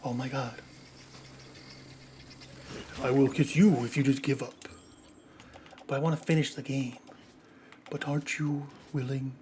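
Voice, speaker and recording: A man's voice: medium pitch, a little slow, long pauses. A young man streaming a video game, giving casual, sweary commentary and joking with the characters on screen. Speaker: gameplay streamer. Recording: steady background noise.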